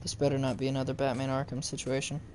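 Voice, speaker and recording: A man's voice: medium pitch, completely flat delivery, fast talker, darkish tone, a little hiss or hum. A young man giving casual let's-play commentary, chatting and joking with his viewers as he plays. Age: young adult. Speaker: gaming youtuber.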